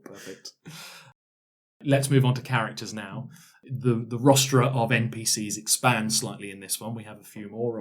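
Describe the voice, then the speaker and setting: A man hosting a podcast, chatting casually and jokily about a past season, often trailing into fillers. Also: fairly low pitch. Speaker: podcast host.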